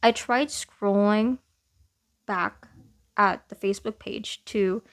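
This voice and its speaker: A woman's voice: mid-range voice, fairly even intonation, slow. A young woman casually talking through her year in a vlog, chatty and self-deprecating, often laughing at herself. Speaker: vlogger.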